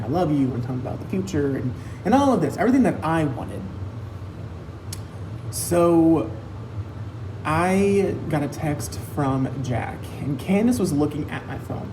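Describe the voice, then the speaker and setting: A young vlogger casually tells a personal story, chatty and full of "like," retelling dialogue as he goes. His voice is slightly high, and the recording has background noise, a roomy echo, and faint music.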